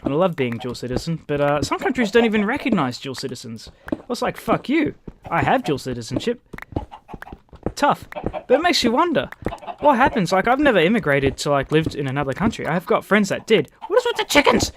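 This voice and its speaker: A man's voice: fairly high pitch, big pitch swings, a little fast, background noise. A man with an Australian accent, rambling casually and swearing freely while he plays a game and chats to his viewers. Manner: rambling, swears freely, talks to the game's chickens. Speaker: gaming YouTuber.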